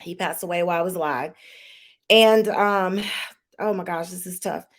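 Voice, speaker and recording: A woman's voice: on the low side, normal speed. A woman hosting a live-streamed talk show, chatty and emotional with many fillers and restarts, holding back tears. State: tearful, holding back crying.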